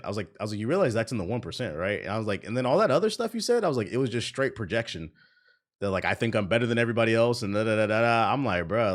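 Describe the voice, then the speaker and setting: Man, livestream host, casual chat, animated storyteller, low voice. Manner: animated storytelling, quoting others.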